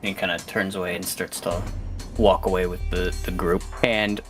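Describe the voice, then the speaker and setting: Relaxed, rambling male game master. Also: low-pitched, moderate pace, faint music behind. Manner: relaxed, rambling, many fillers and laughs. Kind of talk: narrating a tabletop game.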